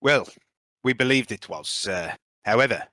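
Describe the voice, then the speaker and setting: A man voicing a gruff, guarded male mercenary in a put-on South African accent, talking with a hesitant drawl. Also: medium pitch, lively intonation, unhurried, sharp tone, no echo, studio quality. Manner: hesitant, filler-heavy drawl.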